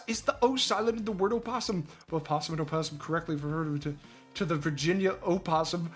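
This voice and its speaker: Reading an article aloud during a casual chat, a streamer rants in disbelief, breaking into sudden shouts and crude, mocking banter. The voice is mid-pitched and a bit quick, with soft music playing in the background.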